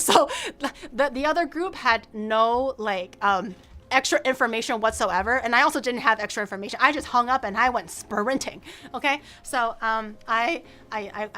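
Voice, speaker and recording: Young woman, high voice, streamer storytelling, animated, swears freely. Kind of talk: casual storytelling.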